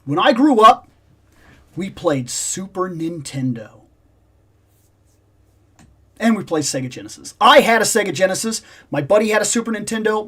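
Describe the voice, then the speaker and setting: Middle-aged male host, animated storyteller, pitch swings wide, casual nostalgic chat. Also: slightly rough. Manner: animated storyteller, swings between loud exclamations and low asides.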